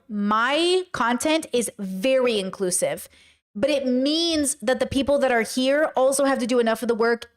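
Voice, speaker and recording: High-pitched woman host; chatty commentary, lively, throws in mocking impressions. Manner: animated, often puts on mocking voices. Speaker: podcast host reacting to a video. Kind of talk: casual commentary with live chat.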